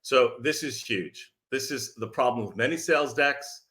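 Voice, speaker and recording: A man speaking from his office as a sales messaging coach, energetic and sarcastic, firing questions at his audience. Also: medium pitch, normal speed. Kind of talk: direct-to-audience pitch.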